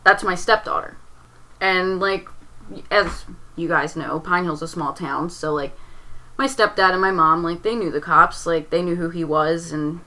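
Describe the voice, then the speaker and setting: A woman's voice: on the low side, steady tone, measured pace, bright, forceful tone, low-quality recording. A young woman tells a painful personal story in a rambling way, leaning on "like" and restarting her sentences. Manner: rambling, heavy use of "like", restarts under strain.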